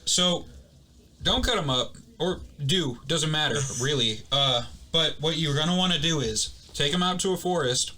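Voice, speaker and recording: A young man co-hosting a casual podcast, rambling through stories with quick asides and acted-out quotes. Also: a little high, sharp tone. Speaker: podcast co-host. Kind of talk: casual chat.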